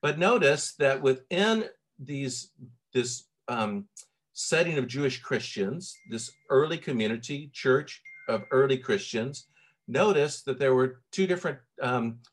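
A man's voice: medium pitch, animated, unhurried. Southern man preaching conversationally. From Tennessee. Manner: conversational, many fillers and restarts. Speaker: pastor. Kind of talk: sermon.

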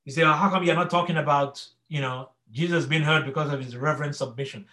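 A man's voice: a little high, fast talker, bright, forceful tone. A middle-aged man preaching an earnest evening sermon, often stopping to check in with "okay?" and restarting his sentences. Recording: echoey room.

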